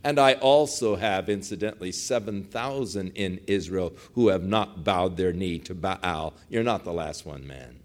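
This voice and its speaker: Calm, commanding deity, low and hushed, as a preacher plays him. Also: male voice, unhurried, hardly any pauses. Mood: reassuring. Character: calm, commanding male God, gentle.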